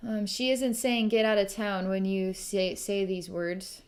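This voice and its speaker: A woman speaking in a middle register as she gives a psychic reading to a client. She muses aloud, pauses often and sighs, with little laughs scattered through. Her voice sits at an ordinary pitch, neither high nor low. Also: fairly even intonation. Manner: musing, halting, with frequent ums and sighs. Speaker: psychic reader. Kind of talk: recorded psychic session.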